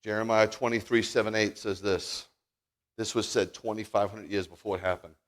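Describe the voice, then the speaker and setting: Male preacher, animated and folksy; big volume swings, talks straight to the room. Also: on the low side, moderate pace. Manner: animated, swings from loud declaring to near-murmured asides. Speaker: congregation leader preaching. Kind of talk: sermon with personal storytelling. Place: Shabbat service in a congregation.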